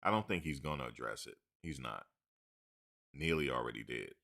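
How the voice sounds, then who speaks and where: A man's voice: rumbling low, animated, moderate pace, vocal fry, sharp tone. A man hosting a sports talk show, rambling casually with slang and joking asides.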